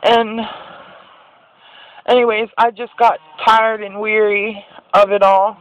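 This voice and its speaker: A woman's voice: mid-range voice, level tone, takes it slowly, faint music behind, rough recording. A woman sharing a personal faith testimony in an earnest, rambling way, often restarting her sentences.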